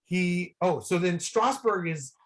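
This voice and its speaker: A man from the San Francisco Bay Area, a guest on a video call, telling rambling, excitable stories full of "like" fillers. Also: high-pitched, slow pace. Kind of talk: casual storytelling.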